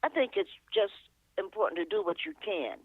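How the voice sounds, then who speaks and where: A woman's voice: mid-range voice, wildly swooping pitch, a little fast, vocal fry, no room sound. An older woman, a poet and author, telling meandering stories as a guest, chuckling often and correcting herself as she goes. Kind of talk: reflective storytelling interview. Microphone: telephone. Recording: tinny phone line, dry.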